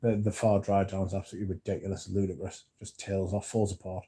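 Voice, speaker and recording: Dark-voiced man chatting casually. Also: low-pitched, little pitch movement, quick pace, husky. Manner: swears often, reads viewer comments aloud. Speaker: livestream host reading chat. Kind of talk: casual livestream chat about perfume.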